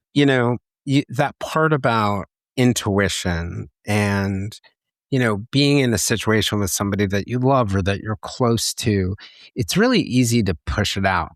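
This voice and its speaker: A man's voice: fairly low pitch, dry recording, clean studio sound. A man hosting a podcast interview, thoughtful and given to explaining ideas at length. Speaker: podcast host. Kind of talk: reflective interview talk.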